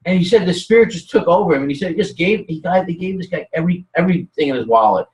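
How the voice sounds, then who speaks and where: A man's voice: sits high, fast. A man talking in a casual chat, telling rambling stories with lots of restarts. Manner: rambling, animated storytelling with many restarts. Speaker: guest. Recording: roomy, distant from the mic.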